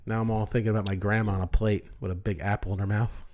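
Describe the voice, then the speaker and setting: Low-voiced man in joking podcast banter. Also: flat delivery, fast, darkish tone. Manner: joking, mock-disgusted banter. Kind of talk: casual podcast chat.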